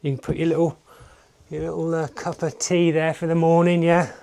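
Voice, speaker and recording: A man's voice: on the high side, flat delivery, moderate pace, creaky, dark tone, a little hiss or hum. A man giving an upbeat sales walkthrough of a holiday lodge, moving from room to room and talking to viewers. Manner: upbeat sales patter, keeps addressing viewers. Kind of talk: enthusiastic property walkthrough.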